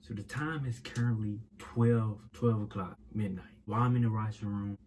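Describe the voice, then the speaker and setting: A young man vlogging in a loud, playful, slang-filled way, dropping to a hushed mumble late at night. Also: on the low side, normal speed, a little hiss or hum. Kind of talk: hyped casual vlog. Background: background music.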